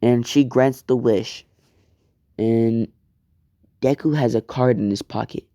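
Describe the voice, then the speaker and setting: A man improvising a fan story out loud, rambling, swearing and correcting himself as he goes. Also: mid-range voice, slow, no echo, clean studio sound.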